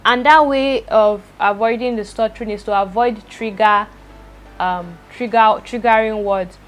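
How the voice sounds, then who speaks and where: Stuttering fast-talking woman. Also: mid-range voice. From Nigeria. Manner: fast talker with frequent stutters and repeated words. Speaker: vlogger. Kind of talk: personal talk to camera.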